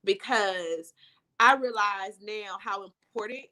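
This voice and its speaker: Earnest, bright-voiced woman sharing her faith story. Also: mid-range voice, slow. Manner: earnest, heartfelt, with many "you know" asides. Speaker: author guest. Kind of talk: emotional faith testimony in conversation.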